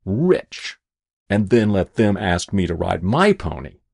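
A man's voice: deep voice, sing-song, slow, creaky, darkish tone, husky, exaggerated voice. A man voicing a proud, stubborn poor boy who speaks defiantly. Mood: fierce.

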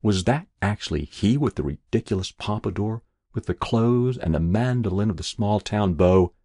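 A man narrating a story in an expressive, measured storytelling manner. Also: on the low side, no room sound, studio quality. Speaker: audiobook narrator.

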